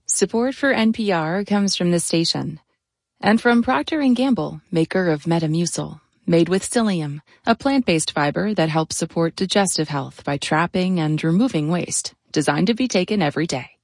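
A woman announcer reading radio sponsor credits in a smooth, promotional tone. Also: lowish voice, expressive, normal speed, dry recording, clean studio sound.

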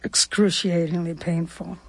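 A woman's voice: fairly low pitch, little pitch movement, unhurried, breathy edge, no echo. An older woman from Cuba, a guest in an interview, recalling her past in a heartfelt, vivid and reflective way. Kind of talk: personal storytelling interview.

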